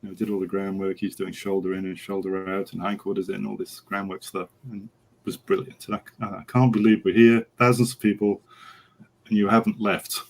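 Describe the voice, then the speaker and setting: A man's voice: low-pitched, a little fast, a little hiss or hum, low-quality recording. A middle-aged man, a horse trainer, telling a story as a podcast interview guest and acting out the dialogue as he goes. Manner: animated anecdote, acting out quoted dialogue.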